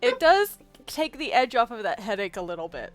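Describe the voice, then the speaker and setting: A woman game master narrating a tabletop game. Her voice is high and very expressive, swinging up and down as she lays out each moment. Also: brisk, faint music behind. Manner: lively, descriptive narration.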